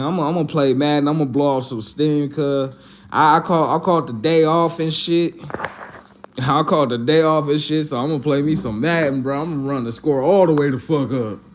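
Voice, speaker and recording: A man's voice: a little high, moderate pace, a little hiss or hum. A man talking in a casual, profane, repetitive rant, upset and fired up after his team lost. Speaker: Eagles fan. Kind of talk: casual venting monologue.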